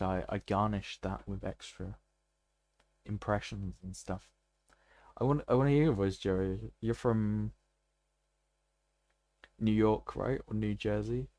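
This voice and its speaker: A man's voice: fairly low pitch, fairly even intonation, takes it slowly, pauses often, a little mellow, no echo. A man streaming a game, joking and laughing often in casual commentary. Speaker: gaming streamer. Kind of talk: live gameplay commentary.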